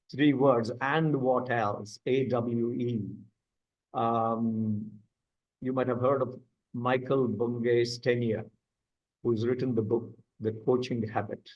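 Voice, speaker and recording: A man's voice: mid-range voice, darkish tone, highs cut off. A man leading a coaching masterclass, explaining step by step and asking the audience questions. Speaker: coaching instructor. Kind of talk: online masterclass teaching.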